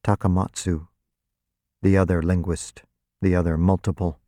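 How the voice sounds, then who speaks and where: A guarded, cold-tempered woman linguist, read by a man in an audiobook. She speaks in quiet, clipped lines, in a low voice recorded dry and close. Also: little pitch movement, moderate pace, no echo, lightly acted. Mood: subdued.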